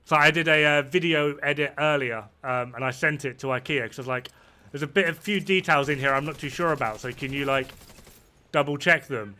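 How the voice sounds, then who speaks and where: Brief: thirties man, crisp bright voice, rambling, blunt voice-chat gamer. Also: on the high side, fairly quick. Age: 30s. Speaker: player. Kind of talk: casual gaming chat.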